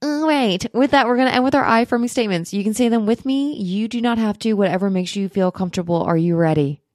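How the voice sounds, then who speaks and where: A woman's voice: medium pitch, fast talker, a little mellow, no echo, studio quality. A woman giving upbeat, chatty self-help advice straight to her viewers, laughing often. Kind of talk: encouraging direct-to-camera talk.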